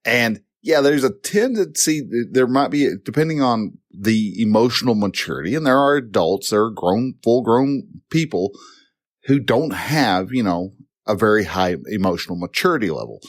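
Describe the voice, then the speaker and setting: A man with a lowish voice talks through advice in a loose, unscripted way, circling back and restarting his sentences. He grows louder and more animated when a point excites him. The sound is dry and close, with no room echo. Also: normal speed. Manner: rambling, with many restarts and fillers. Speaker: podcast host giving advice.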